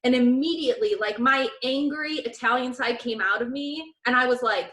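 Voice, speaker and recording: Speaking at a normal pace with few pauses, this slightly high-voiced woman co-hosts a podcast and tells a lively story, dramatizing the quotes. The room is echoey, and the chat is casual.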